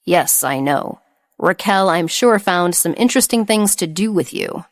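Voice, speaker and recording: A woman's voice: fairly low pitch, expressive, unhurried, no echo, clean studio sound. A woman reading the lines of a blunt, teasing male executive in an audiobook. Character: cocky flirtatious male executive boss.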